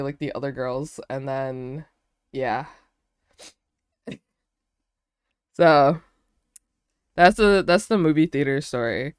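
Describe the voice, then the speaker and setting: A woman's voice: deep voice, smooth, no echo, studio quality. Chatty young woman telling a story. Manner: chatty, many fillers, bursts of laughter. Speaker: streamer. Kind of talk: casual storytelling to chat.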